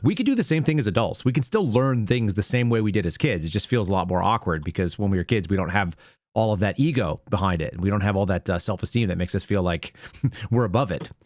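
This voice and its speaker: Earnest low-voiced man host. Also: lively intonation, quick pace, darkish tone, no echo, clean studio sound. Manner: earnest, explains with step-by-step examples. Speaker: call-in show host. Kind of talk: casual advice chat.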